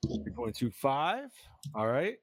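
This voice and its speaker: A man hosting a casual movie-review podcast, excitable, swearing often and saying dude a lot. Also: mid-range voice, takes it slowly, no room sound, clean studio sound. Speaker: podcast host.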